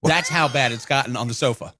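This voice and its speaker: A man co-hosting a casual morning radio show, telling animated stories and laughing easily in a studio. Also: mid-range voice, no echo. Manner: animated storytelling, quick laughs. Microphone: studio microphone.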